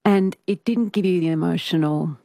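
A woman interviewer with a deep, gravelly voice asks gentle, searching questions. Her tone is empathetic, and the recording is dry and close. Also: normal speed, no echo.

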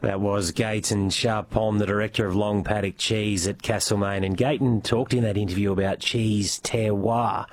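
Low-voiced radio host. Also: male voice, flat delivery, moderate pace, few pauses. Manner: conversational, lightly hesitant questioning. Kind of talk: radio interview and show wrap-up.

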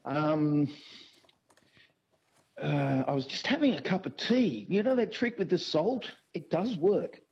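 A rambling man calls in to a radio quiz and thinks aloud on his way to an answer. His voice is a little husky. The call comes through a dull, muffled line. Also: fairly high pitch, very animated, slow pace, darkish tone. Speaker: caller.

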